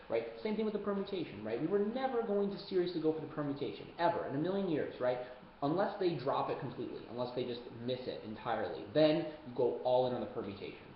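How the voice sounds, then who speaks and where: A young man coaching debate into a webcam in a casual, joking way, full of quick asides. His voice sits at an ordinary pitch. The audio is dull and roomy, with a faint hiss behind it. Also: lively intonation. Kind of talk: webcam lesson. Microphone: webcam mic.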